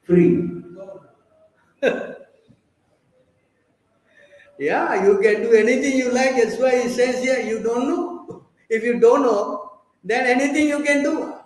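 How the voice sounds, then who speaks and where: A man's voice: very high voice, slow, long pauses, reverberant, poor audio. A man giving a scripture class, preaching and prodding his listeners with rhetorical questions.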